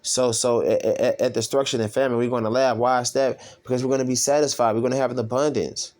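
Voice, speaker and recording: A man preaching in a loose, casual way, reading scripture aloud and breaking off into commentary. His talk rambles with long fillers, restarts and frequent swearing, and his pitch sits in an ordinary middle range. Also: fairly even intonation, a little mellow. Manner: rambling, profane, drawn-out fillers. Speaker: self-styled preacher.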